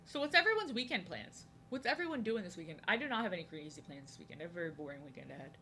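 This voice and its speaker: A woman's voice: on the low side, sing-song, rapid-fire, pushed and bright, slight background noise. A young woman chatting casually with her live chat while drawing, often saying things twice. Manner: chatty, answers chat, often repeats herself. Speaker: art streamer.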